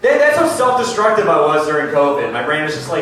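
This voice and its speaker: Animated young man doing stand-up in a roomy club. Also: a little high, fast. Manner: casual, conversational, self-deprecating. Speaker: stand-up comedian. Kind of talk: stand-up comedy set. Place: comedy club with a laughing audience. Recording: roomy club sound from a distant mic, crowd laughter.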